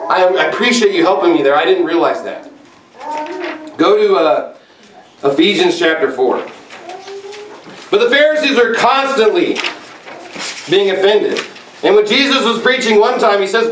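A man preaching a sermon with force, sometimes shouting and mimicking others. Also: high voice, animated, normal speed, pauses often, echoey room, far from the mic, a little hiss or hum, low-quality recording. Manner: forceful, rising to shouts and mocking impressions. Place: church sanctuary.

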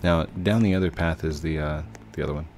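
Deep-voiced man chatting over gameplay. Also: a little fast, darkish tone, a little hiss or hum. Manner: chatty, rambling, hums and self-corrects. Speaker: gaming channel host. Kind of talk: casual gameplay commentary. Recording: game music under voice.

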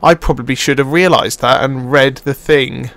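A young man giving live commentary while playing a shooter, excitable and jokey, swearing and yelping when he gets hit. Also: mid-range voice, moderate pace, no echo. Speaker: gaming channel host.

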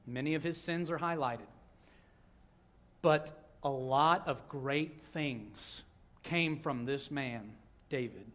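A male pastor, preaching a sermon in a church with a conversational manner that swings between hushed and loud. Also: a little high. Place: church sanctuary.

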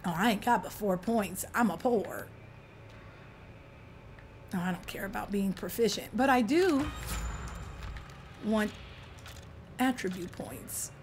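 A woman's voice: medium pitch, slow pace, long pauses, slight background noise. A woman streaming a game, bantering playfully with a teammate and greeting viewers in casual chat. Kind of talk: casual livestream gaming chat.

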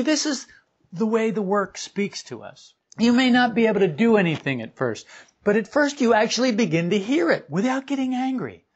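A man giving an informal spiritual talk to a group, animated and emphatic, driving points home by repetition. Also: high-pitched, breathy edge. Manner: animated, acts out quoted voices, emphatic repetition. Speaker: spiritual teacher. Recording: dull lo-fi recording.

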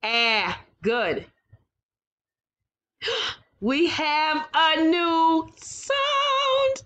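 A woman teaching a phonics lesson to young children, sounding out words slowly and praising often. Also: high-pitched, very animated, fairly bright tone.

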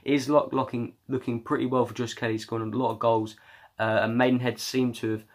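A man's voice: medium pitch, little pitch movement, brisk. A young man chatting casually about football news, rambling and hesitant with lots of ums and uhs. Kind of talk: casual chat.

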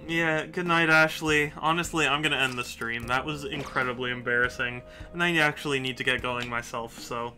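A man's voice: medium pitch, fairly even intonation, fairly quick, hardly any pauses, sharp tone, faint music behind. A man chatting casually on a live stream while playing a game, often repeating himself and scolding himself. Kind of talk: casual live-stream chat over gameplay.

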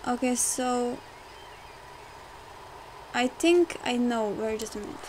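Slow rambling young woman gamer. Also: a little high, darkish tone, a little hiss or hum, rough recording. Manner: rambling, easily frustrated, lots of fillers. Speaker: game let's player. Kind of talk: casual gameplay commentary. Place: home room, car audible outside.

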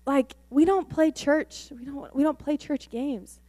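A young woman pastor preaching a sermon and telling a testimony, excitable, rising into exclamations. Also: sits high, a little slow, dry recording.

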